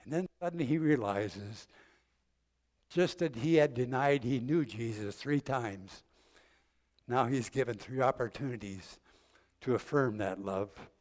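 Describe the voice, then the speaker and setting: An older man preaching a sermon, gently retelling a story with vivid detail and acted-out quotes. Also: medium pitch, a little slow. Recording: long hall reverb.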